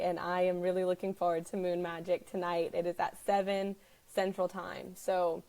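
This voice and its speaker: A woman's voice: fairly low pitch, flat delivery, normal speed, mellow. A woman talking to viewers on a live stream in a casual, earnest, chatty way, with many fillers. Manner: chatty, earnest, heavy use of "like". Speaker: wellness business owner hosting a live stream.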